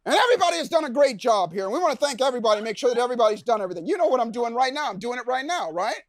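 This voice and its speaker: A man giving a motivational seminar talk to a live audience, animated, asking the crowd questions and acting out reactions. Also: very high voice, racing, dry recording, studio quality. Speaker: keynote speaker.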